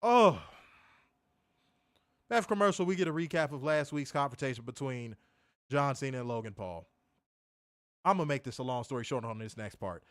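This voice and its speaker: A man reviewing a wrestling show, ranting loudly with lots of swearing. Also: mid-range voice, normal speed, long pauses, dry recording, studio quality. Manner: loud profane ranting; calmer advice-giving. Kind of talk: ranting commentary.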